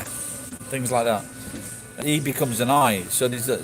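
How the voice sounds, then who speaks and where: Music plays in the background as a man chats casually with his audience while answering chat, cursing bluntly and rambling through restarts. He has a mid-range voice at normal speed, and the recording is rough.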